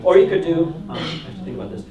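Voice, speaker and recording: Male church music minister, higher voice, jovial and chatty class lecturer, recorded far off the mic in a roomy hall. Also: steady tone, rapid-fire, a crowd in the background. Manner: jovial and chatty, reads hymn verses aloud with laughs. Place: church meeting room.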